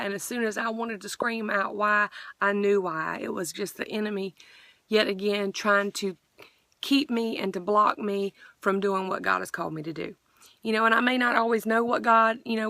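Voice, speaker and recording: A woman's voice: mid-range voice, bright, forceful tone, dry recording. A middle-aged woman earnestly sharing a personal faith testimony, rambling with frequent restarts.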